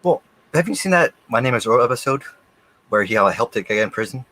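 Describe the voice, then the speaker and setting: A man's voice: medium pitch, lively intonation, a little fast, bright, forceful tone, rough recording. A man with an ordinary mid-range voice chats casually on a podcast. He agrees readily and adds short remarks. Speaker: podcast co-host. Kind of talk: casual chat.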